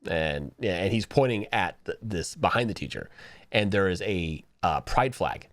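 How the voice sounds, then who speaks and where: A man co-hosting a podcast who tells stories in casual chat, animated and full of restarts. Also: low-pitched, moderate pace, no echo, studio quality. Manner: animated storyteller, many restarts. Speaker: podcast co-host.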